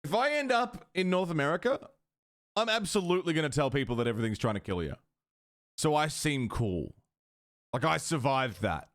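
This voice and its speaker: A man's voice: on the high side, sing-song, moderate pace. A man from Australia with an Australian accent, a live streamer chatting casually with his viewers in a joking, sweary way.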